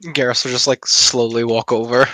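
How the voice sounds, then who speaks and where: A man's voice: medium pitch, level tone, moderate pace, pushed and bright, no echo. A man playing a tabletop game, describing his character's actions in a laid-back, playful way. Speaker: player. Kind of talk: casual tabletop play.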